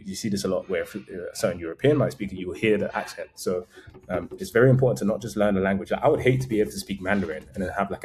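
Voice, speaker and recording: A man's voice: low-pitched, a little mellow. A man vlogging casual travel advice in a conversational, meandering way, often correcting himself mid-sentence.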